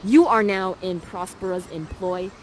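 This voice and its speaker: A woman's voice: medium pitch, unhurried, a little hiss or hum, rough recording. A young woman acting as a live interactive theater narrator who guides the audience in a bubbly, casual way, full of "like". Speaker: immersive theater actor guiding the audience.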